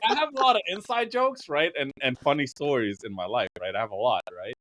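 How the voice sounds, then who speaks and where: A man's voice: medium pitch, animated, fast, a bit bright, dry recording, rough recording. A man on a podcast, telling rambling, raunchy stories in casual chat and laughing often mid-sentence. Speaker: podcast host.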